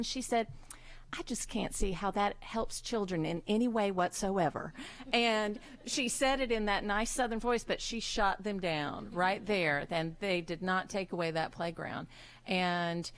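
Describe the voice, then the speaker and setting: Board president, woman, lowish voice, halting tribute speech full of fillers, meeting-room setting. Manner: warm, halting, with many fillers and restarts.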